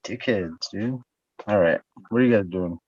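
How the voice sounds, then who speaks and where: A man's voice: fairly low pitch, moderate pace, darkish tone, slightly rough, dry recording. A man hosting a podcast, joking crudely in profane, rambling banter. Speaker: podcast host. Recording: dull dry sound.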